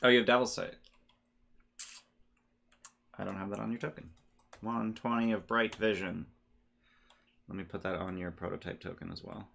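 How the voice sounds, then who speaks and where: Gravelly-voiced man running a tabletop game. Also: on the low side, moderate pace, long pauses, a little hiss or hum. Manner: relaxed, rambling, laughs often. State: losing his voice. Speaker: game master.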